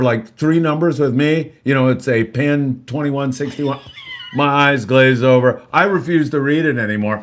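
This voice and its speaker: Older host dude, mid voice, jokes around, reads chat comments out loud. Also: male voice, mid-range voice. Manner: joking, reads viewer comments aloud. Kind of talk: casual live-stream chat.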